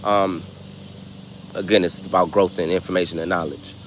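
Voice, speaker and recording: A man vlogging, telling stories in a loose, animated way and acting out voices. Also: low voice, moderate pace, a little hiss or hum. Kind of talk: casual storytelling.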